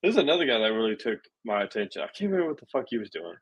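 A young adult man hosting a podcast, telling stories in an animated, indignant way. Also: mid-range voice, racing, slightly rough, rough recording. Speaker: podcast host. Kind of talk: casual political chat.

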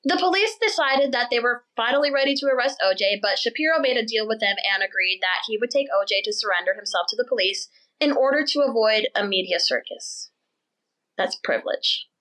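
A young woman hosting a podcast, telling a story in an animated, chatty way and laughing as she goes. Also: fairly high pitch, low-quality recording. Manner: chatty, animated, laughs while telling, does quick mocking voices for people in the story. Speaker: podcast host. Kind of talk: casual storytelling chat.

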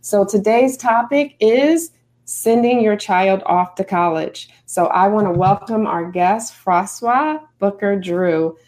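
A middle-aged woman hosting a casual interview, chatty and expressive as she shares her own story. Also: mid-range voice, slow pace. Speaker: host.

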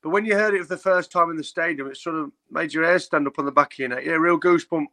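A man's voice: fairly high pitch, quick pace, pushed and bright. A man chatting as a guest, rambling and laughing through his stories. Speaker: guest singer. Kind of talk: casual chat.

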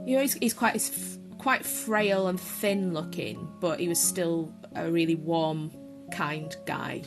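A woman's voice: lowish voice, a little slow, over music. A woman telling a casual, self-deprecating spoken anecdote as a guest storyteller. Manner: chatty, self-deprecating, laughs at her own story.

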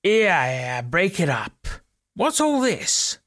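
A burly bobby, barking orders in a loud, raised voice that climbs high when he shouts, as a man puts him on. Gravelly edges run through it, and the recording is dry and close. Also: huge pitch swings, slow pace, no room sound, heavily acted. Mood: commanding. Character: burly London police constable, brisk and commanding.

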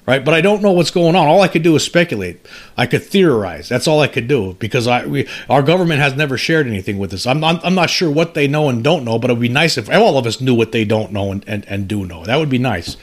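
Halting, animated man in his fifties. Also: mid-range voice. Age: 50s. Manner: halting, many restarts, rising when indignant. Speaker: UFO commentary channel host. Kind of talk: casual commentary reading an article aloud.

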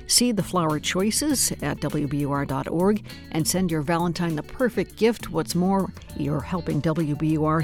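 A man delivers weather and a fundraising appeal in a friendly, upbeat tone. His voice sits on the higher side. Soft music plays faintly underneath. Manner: upbeat, conversational pitch. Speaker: radio station announcer. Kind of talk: station announcements and pledge appeal.

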